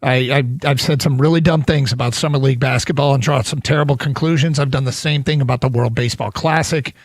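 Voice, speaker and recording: A man's voice: mid-range voice, steady tone, fast, no room sound, studio quality. A man hosting a sports talk radio show, chatting casually, taking calls and mocking himself.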